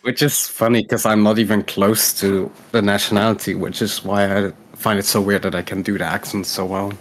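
Man, podcast guest, fairly low voice, upbeat, laughs often, casual chat. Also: flat delivery, brisk. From Netherlands.

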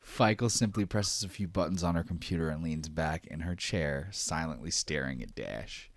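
A man's voice: rumbling low, normal speed, no echo, clean studio sound. A man narrating as game master of a tabletop role-playing game, telling the scene expressively.

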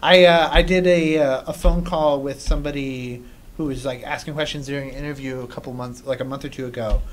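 A man hosting a game livestream, chatting excitedly and rambling with plenty of restarts. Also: mid-range voice, a little fast, slight background noise. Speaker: community host of game livestream. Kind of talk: casual livestream chat while playing.

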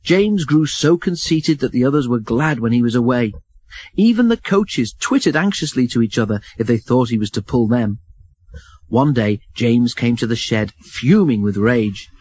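A man narrating a children's storybook in an expressive, even reading. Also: medium pitch, normal speed, slightly rough, dry recording, rough recording.

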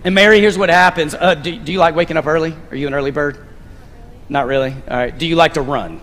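Pastor, male, high voice, lively stage preacher with a joking touch; long hall reverb. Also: quick pace, a little hiss or hum. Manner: animated, directing volunteers on stage with playful asides. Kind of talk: sermon. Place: church stage. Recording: long reverb of a large sanctuary.

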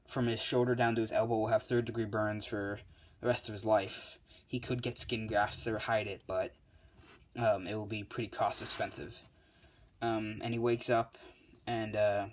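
Rambling man retelling a story. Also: lowish voice. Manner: rambling, full of fillers and self-corrections. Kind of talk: casual retelling of a fan-made story.

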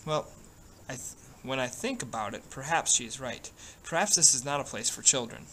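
A weary, stern officer father from a storybook, speaking in a measured, quiet and serious way, as a male reader puts him on. The voice sits at an ordinary middle pitch. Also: animated, a little hiss or hum, poor audio. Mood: grave.

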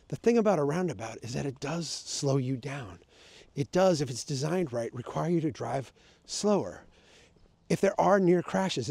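A man's voice: a little high, gravelly, dark tone, breathy edge, no echo. A man explaining his point of view in a casual vlog, talking conversationally with emphatic, sarcastic asides. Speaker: urban planning advocate.

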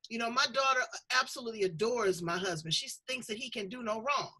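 Bright husky-voiced woman host. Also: fairly high pitch, lively intonation, quick pace, poor audio. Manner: candid, folksy, emphatic. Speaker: show host. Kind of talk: casual talk-show conversation.

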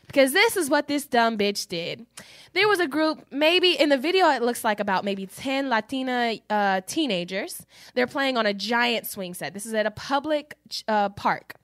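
A woman co-hosting a podcast, telling stories in an animated, profane way. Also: on the high side, moderate pace, dry recording, studio quality. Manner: animated, profane storytelling with acted-out quotes. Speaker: podcast co-host. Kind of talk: casual chat.

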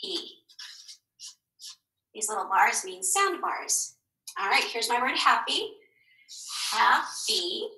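A woman teacher giving a recorded phonics lesson to young children, slow and encouraging, asking questions and answering them herself. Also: on the high side, big pitch swings, pushed and bright. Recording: echoey room.

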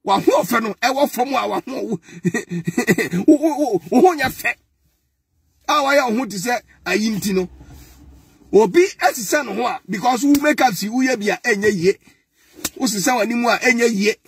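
Ghanaian male commentator: high, husky, sarcastic and exasperated; dry close sound. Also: brisk, no echo. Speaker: political commentator. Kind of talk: mocking political commentary.

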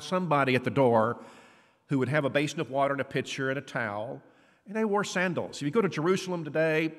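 A man preaches a sermon in a chatty, storytelling way, his pitch sitting a bit high. He leaps higher when he acts out the voices of the people in the story. His words ring out with a long church reverb. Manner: conversational, acts out quoted dialogue with rising pitch. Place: church hall.

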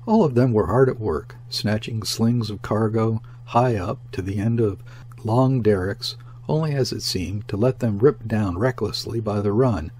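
Male audiobook narrator, measured reading, slightly low voice, faint hum. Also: darkish tone. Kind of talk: reading a classic novel aloud.

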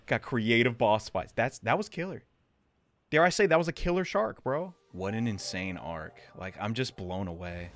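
A young man giving loud, excitable, jokey commentary as a let's play host. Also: lowish voice, moderate pace, dry recording.

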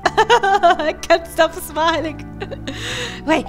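A woman hosts a let's play in a high, expressive voice, speaking slowly with long pauses. She chats casually, giggling and gushing at the game and laughing often, with faint game music behind her.

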